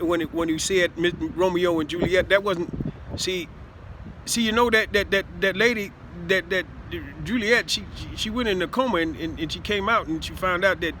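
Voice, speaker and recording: A man giving a rambling, improvised talk to his listeners, halting with many stammered repeats and asides of "see?". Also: high voice, bright, forceful tone, a little hiss or hum. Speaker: self-styled speaker addressing listeners.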